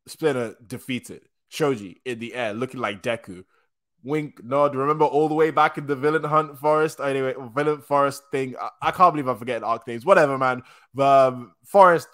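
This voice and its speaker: Young man, casual reaction host, slangy, excitable, mid-pitched voice. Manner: excitable slangy chatter, frequent restarts.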